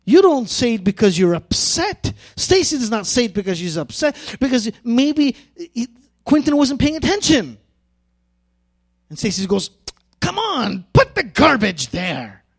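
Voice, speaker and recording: A man's voice: very high voice, big pitch swings, darkish tone. A man preaching a sermon as pastor, earnest and emphatic, stretching out key phrases. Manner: earnest, drawn-out emphatic phrases building to fervent pleading.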